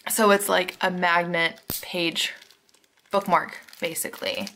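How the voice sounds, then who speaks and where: A woman chatting casually to viewers at her desk at home while unboxing planner supplies, gushing and excitable with chatty asides. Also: on the low side, slow, a little hiss or hum.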